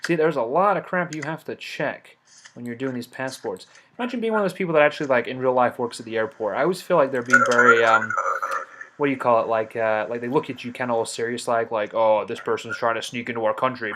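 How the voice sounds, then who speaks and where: A man's voice: medium pitch, a bit bright. A man giving let's play commentary, talking himself through each step and scolding the game's characters in mock outrage. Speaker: game commentator.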